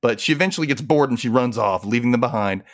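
A man's voice: mid-range voice, expressive, fast. A man co-hosting a casual book-recap chat, retelling the plot loosely with lots of "like" and "you know.". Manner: loose, filler-heavy retelling with frequent laughs. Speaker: podcast co-host.

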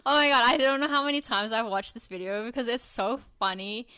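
A woman's voice: fairly high pitch, a little fast, clean tone, no room sound. A woman co-hosting a podcast in casual chat, retelling stories with lots of giggles. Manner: giggly, animated storytelling. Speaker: podcast co-host.

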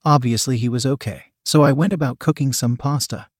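Husky-voiced man narrating a story. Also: medium pitch, a little fast, no echo, studio quality. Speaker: audiobook narrator. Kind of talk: first-person scripted narration.

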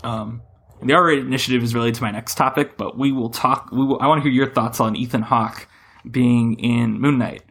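A man with a gravelly voice hosts a relaxed podcast conversation. He rambles and corrects himself as he goes, and his pitch jumps whenever he gets animated. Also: brisk. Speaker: podcast host. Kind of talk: casual chat.

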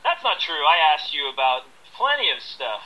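An American filmmaker appears as a guest in a casual interview, laughing easily. His voice is fairly high and bright with big pitch swings, a forceful tone, and normal speed, on a rough recording.

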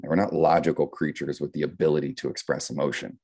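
A middle-aged man with a very low, deep voice talks in an easy podcast conversation. His tone is dark and mellow, and he explains his ideas reflectively, tagging his points with "right?". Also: fairly even intonation, quick pace, breathy edge. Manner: reflective, explains with metaphors, frequent "right?" tags.

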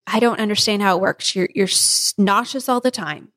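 Pregnant woman on a podcast, chatty and animated, laughs a lot, average pitch. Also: normal speed. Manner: animated, laughing often, acting out family members' lines. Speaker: podcast co-host. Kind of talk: casual storytelling chat.

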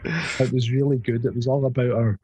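A man's voice: mid-range voice, little pitch movement, fairly quick, dark tone, husky, no room sound. A Scottish man who works as a journalist co-hosting a crude, casual chat, giggling often and adding wry asides. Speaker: podcast co-host, journalist. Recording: muffled lo-fi audio.

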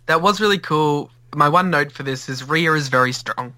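An Australian man co-hosts a casual podcast with a dry, wry delivery. His voice is bright and sharp, recorded close and dry with no room sound. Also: a little high, normal speed, dry recording. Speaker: podcast co-host. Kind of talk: casual chat.

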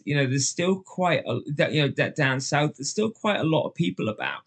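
A man with a Liverpool accent, a guest telling stories in a relaxed podcast chat, full of fillers and acted-out voices. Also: a little high, normal speed, few pauses. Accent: Liverpool English. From England. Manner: chatty storyteller, lots of fillers, acts out voices. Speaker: guest, ultra endurance runner.

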